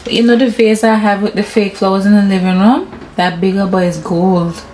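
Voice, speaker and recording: A woman in her thirties with a Caribbean English accent, chatting casually to her viewers and her husband at home, giggly and warm. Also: medium pitch, steady tone, a little fast, slight background noise. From Caribbean, grew up in Anguilla. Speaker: vlogger. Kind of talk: casual home vlog chat. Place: home, indoors.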